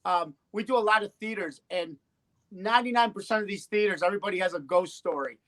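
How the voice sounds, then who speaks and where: Give me a high-voiced man from the US, rambling casually as a podcast guest. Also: fast, fairly bright tone. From United States. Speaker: guest comedian.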